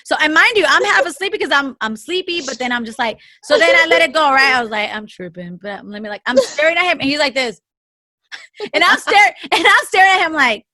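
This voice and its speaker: A woman's voice: high-pitched, lively intonation, a little fast, bright, forceful tone, dry recording. A woman co-hosting a casual podcast, telling a story animatedly with lots of swearing and laughter. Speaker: podcast co-host. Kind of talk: casual chat.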